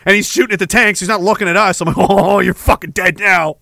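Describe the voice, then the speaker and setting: A middle-aged man hosting a podcast, ranting with heavy profanity and jumping between war stories and shouted quotes. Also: sits high, fairly even intonation, quick pace, creaky, no echo. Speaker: podcast host. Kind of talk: ranting monologue.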